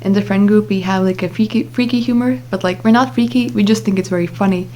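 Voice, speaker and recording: A woman's voice: medium pitch, fast, mellow, a little hiss or hum. Chatty young woman telling a story. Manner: chatty, with many fillers and asides. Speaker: vlogger. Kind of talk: casual storytime.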